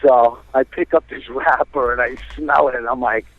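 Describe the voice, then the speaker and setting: A man's voice: mid-range voice, normal speed, no echo. Jersey guy on a tinny phone line, rambling story, lots of uhs, dry sound. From New Jersey. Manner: animated, rambling with many fillers. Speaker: caller. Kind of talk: casual storytelling.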